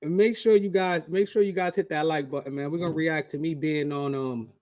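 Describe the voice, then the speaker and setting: A man hosting a casual live reaction stream, talking to his chat in a slangy, relaxed way. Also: on the high side, a little fast, no room sound, clean studio sound. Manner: slangy, talks straight to chat. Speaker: channel host.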